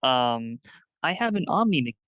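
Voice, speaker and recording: A man's voice: medium pitch, sing-song, a little slow, fairly bright tone, no echo, highs cut off. A man on a casual gaming podcast who lists things off with chuckles, words tumbling out.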